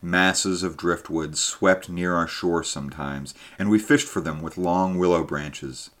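A man narrating a story in a measured storytelling manner. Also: deep voice, a bit bright. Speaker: audiobook narrator. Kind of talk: scripted narration.

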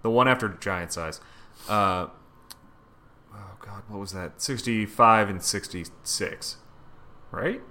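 A man's voice: fairly low pitch, takes it slowly, long pauses, bright, forceful tone. A man co-hosting a casual podcast, recapping a story in a laid-back way with casual swearing. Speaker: podcast co-host. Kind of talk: casual chat, recapping a comic.

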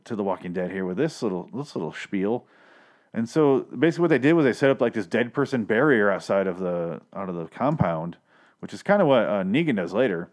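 A man's voice: medium pitch, lively intonation, brisk, a little mellow. A man casually recapping a TV episode at home, rambling and swearing freely with audible pops on his microphone. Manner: profane, rambling, self-deprecating. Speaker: podcast host recapping a TV show. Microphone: home microphone with audible plosives.

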